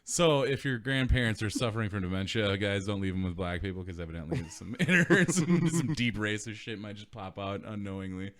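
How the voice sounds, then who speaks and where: Man hosting a casual podcast, lively up-and-down voice, keeps cracking up, swears a lot. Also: fairly low pitch, brisk, few pauses. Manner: laughs often, swears freely, loose and rambling. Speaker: podcast co-host. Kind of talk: casual chat.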